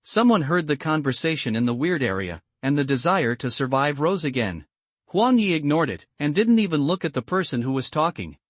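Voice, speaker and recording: A man reading a scripted comic story recap in a slow, measured way. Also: fairly high pitch, sing-song, no room sound. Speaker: recap narrator.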